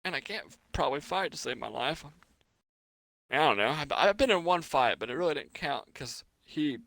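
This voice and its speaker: A man's voice: on the high side, lively intonation, normal speed, gravelly, fairly bright tone, no echo. A young man co-hosting a podcast, telling crude stories in casual chat and laughing often. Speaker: podcast co-host.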